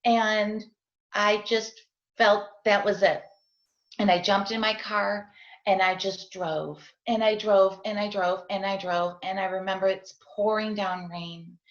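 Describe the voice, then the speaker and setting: Middle-aged woman guest, earnest confessional testimony, video call, echoey room, dull sound. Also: medium pitch. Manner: earnest and confessional, often asks "right?". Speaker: guest sharing her story as a parent. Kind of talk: heartfelt personal testimony in an interview.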